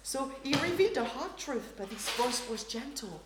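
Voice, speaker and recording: Animated woman preacher in a roomy hall. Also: sits high, normal speed. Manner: animated storytelling, acting out voices. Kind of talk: sermon. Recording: roomy hall with faint noise.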